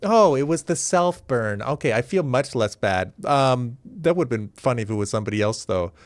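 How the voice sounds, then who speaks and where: A male game show host with a lively, swooping delivery who reads out each answer with a chuckle. His voice is dry and close, with no room around it. He keeps the tone playful throughout. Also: medium pitch, normal speed, dry recording. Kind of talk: hosting a livestreamed comedy game show.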